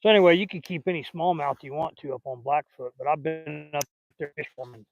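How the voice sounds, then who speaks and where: Older Southern guy, higher voice, dry and dull sound, easygoing rambling fishing vlogger. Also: fairly quick, soft background music. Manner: folksy and rambling, chatting while fishing. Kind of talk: casual outdoor chat. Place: outdoors by a lake.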